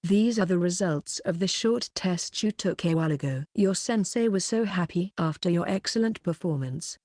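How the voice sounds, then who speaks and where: Audiobook: woman reading a cold, mocking teacher in a low, dark, dry voice. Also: normal speed, dry recording, close to an everyday voice. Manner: cutting, mocking. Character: stern cold female homeroom teacher.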